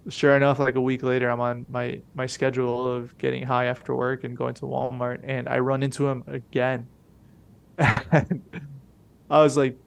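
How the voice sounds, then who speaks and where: Young man, podcast co-host, gravelly voice, rambling profane storyteller, casual slang. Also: mid-range voice.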